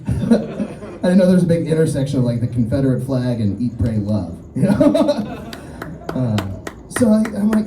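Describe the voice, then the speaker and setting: A man's voice: mid-range voice, moderate pace, echoey room, recorded from a distance, background noise. A man performing a stand-up set at an outdoor show, telling stories and acting out the people in them. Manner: animated storytelling, acts out quoted voices. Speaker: stand-up comedian.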